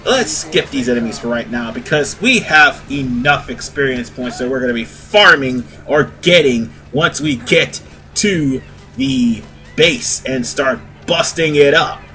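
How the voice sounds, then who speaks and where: A man's voice: medium pitch, sharp tone. A man giving casual, rambling let's-play commentary as host of a gaming video, often correcting himself. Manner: chatty, rambling, self-correcting.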